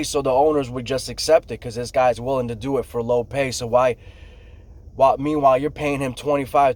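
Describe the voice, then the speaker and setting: Profane, animated man telling work stories. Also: medium pitch. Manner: profane, animated storyteller, acts out shouts and quotes. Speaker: construction worker telling stories. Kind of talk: casual storytelling monologue.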